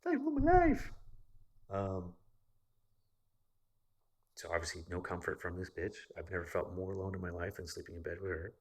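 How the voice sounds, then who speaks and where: A man with a low, husky voice tells a personal story in a loose, rambling vlog monologue. His tone is forceful and bright-edged, and he swears freely as he talks. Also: flat delivery, fast talker, hardly any pauses. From United States. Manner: profane and rambling, with frequent fillers. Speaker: vlogger.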